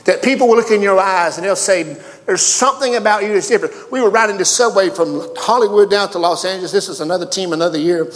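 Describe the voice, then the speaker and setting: A fairly high-voiced man with a Southern accent preaching to a church. His voice carries a long reverb through a large hall, and he slips from quiet, slow stretches into high, excited bursts. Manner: folksy, swings from quiet to high excited pitch. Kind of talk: sermon with personal stories.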